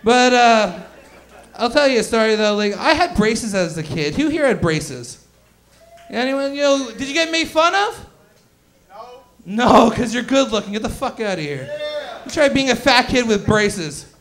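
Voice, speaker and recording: Young male stand-up, very high voice, rowdy and crude, working the crowd. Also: normal speed. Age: 20s. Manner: loud, excitable, crude, bantering with the crowd. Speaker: stand-up comedian. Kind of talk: stand-up comedy set. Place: comedy club stage.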